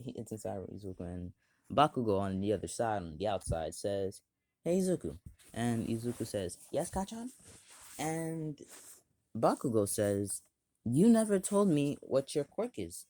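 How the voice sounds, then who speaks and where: A man's voice: on the low side, warm tone. A man casually retelling a fan story, rambling with fillers and repeating himself.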